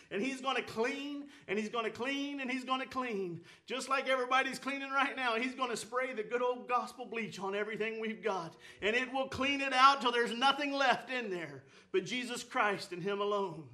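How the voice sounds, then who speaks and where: Bright high-voiced man preaching. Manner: folksy, fervent preaching with repetition. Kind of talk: sermon.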